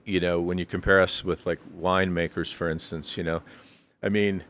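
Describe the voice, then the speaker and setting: A man's voice: low voice, flat delivery, moderate pace, a bit bright. A man as a brewery guest on a casual podcast, giving thoughtful, rambling explanations with frequent self-corrections and lifting his voice when he jokes.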